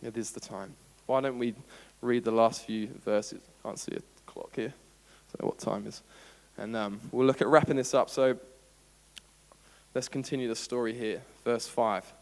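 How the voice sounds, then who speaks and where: An Australian man preaching a sermon as pastor, animated and playful, acting out everyday scenes. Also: medium pitch, moderate pace, creaky. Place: church auditorium. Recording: long church hall reverb.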